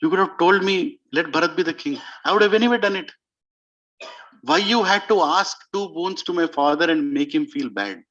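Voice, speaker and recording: A man voicing a gentle, sorrowful young prince who speaks to his stepmother in a slow, soft, reproachful way. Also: fairly high pitch, animated, lo-fi sound.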